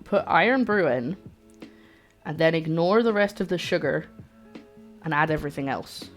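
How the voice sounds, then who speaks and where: Young woman, cooking stream host, relaxed, a bit low-pitched, faint music. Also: normal speed. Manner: relaxed, explaining steps as she cooks. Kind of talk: casual chat while cooking.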